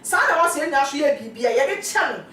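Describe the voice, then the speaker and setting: A woman's voice: high voice, expressive, normal speed, bright, forceful tone, far from the mic, slight background noise. A woman talking casually in a rambling way, repeating words and laughing now and then. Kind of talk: casual conversation. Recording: very echoey room, voice from off-mic.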